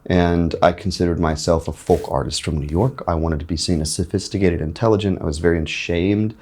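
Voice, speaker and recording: Reflective and articulate yet full of pauses and fillers, this musician from North Carolina is interviewed backstage at a festival. His low voice is a little mellow with a breathy edge and fairly even intonation.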